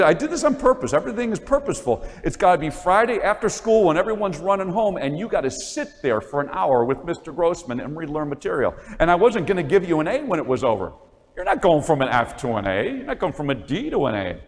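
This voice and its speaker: A man giving a motivational talk to parents, telling stories from his days as a teacher and acting out the classroom dialogue with animated energy. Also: on the high side, quick pace. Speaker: speaker addressing parents. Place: church. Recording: long reverb in a church.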